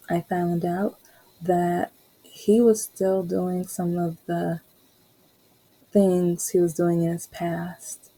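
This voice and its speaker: Woman, podcast host, casual rambling storytelling, very mellow dark tone, breathy. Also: lowish voice, poor audio. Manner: chatty, rambling, laughs often.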